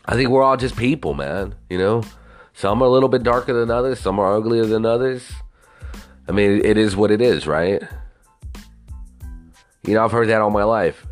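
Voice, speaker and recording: Low-voiced man rambling profanely. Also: moderate pace, pauses often, soft background music. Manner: profane, rambling, keeps asking "you know what I mean". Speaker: monologuist. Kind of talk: casual rambling monologue.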